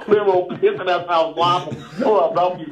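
A man's voice: sits high, reverberant, poor audio. A man guesting on a chat show, telling school anecdotes with a laugh. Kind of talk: casual storytelling.

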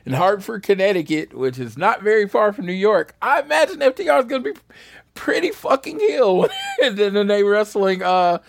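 A man co-hosting a podcast in casual chat, relaxed and laughing easily. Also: high voice, moderate pace, creaky, no room sound, studio quality. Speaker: podcast co-host.

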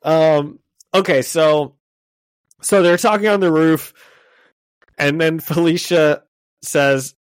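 A man's voice: on the high side, fairly even intonation, slow, long pauses, smooth, no echo. A man co-hosting a podcast in casual chat, recapping a comic and laughing often. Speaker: podcast co-host.

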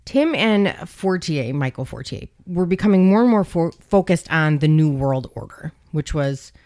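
Woman, podcast co-host, casual true-crime chat, wry, swears freely, slightly low voice. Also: animated, normal speed, a little mellow. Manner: profane, wry storytelling. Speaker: emergency dispatch worker.

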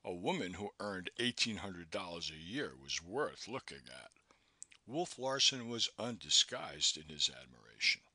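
Man reading an audiobook, sharp bright tone, pitch jumps around a lot. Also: big pitch swings, unhurried, husky, no echo. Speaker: audiobook narrator. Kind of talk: scripted narration.

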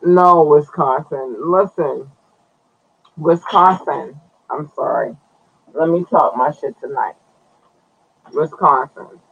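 Man, podcast host, slow drawn-out talk, casual cursing, dull lo-fi audio. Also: a little high, gravelly, a bit bright. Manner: loose, chatty, talks to viewers, curses, stretches words. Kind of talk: casual live-stream news commentary.

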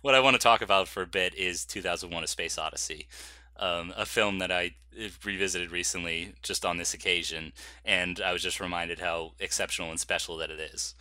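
A man's voice: low voice, steady tone, fairly quick, bright, forceful tone, dry recording. A man co-hosting a film podcast, chatty and laughing often, with frequent restarts. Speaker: podcast co-host. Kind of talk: casual film chat.

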